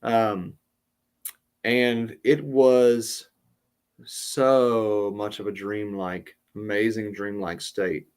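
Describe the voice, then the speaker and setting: A man hosting a podcast, telling a casual story in a rambling way with many pauses and restarts. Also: lowish voice, little pitch movement, smooth. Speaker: podcast host.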